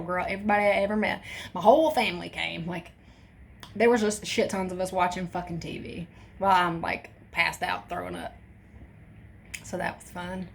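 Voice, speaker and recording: A woman's voice: fairly low pitch, slight background noise. A young woman vlogger telling a personal story in casual chat, candid and swearing often. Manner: candid, swears a lot, acts out quoted voices.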